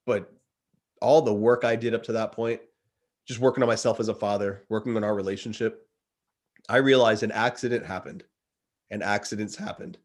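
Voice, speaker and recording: A man's voice: fairly low pitch, brisk, pauses often. A man in his thirties, a guest, earnestly retelling a story in casual chat and often calling the listener dude. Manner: earnest, animated retelling, says dude a lot.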